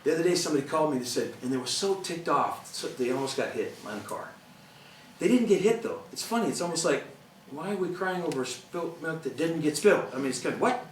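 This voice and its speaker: A man's voice: fairly high pitch, expressive, fast talker, far from the mic, a little hiss or hum. A middle-aged man giving an earnest, conversational motivational talk to an audience, laughing often. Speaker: motivational speaker. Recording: echoey room, speaker away from the mic.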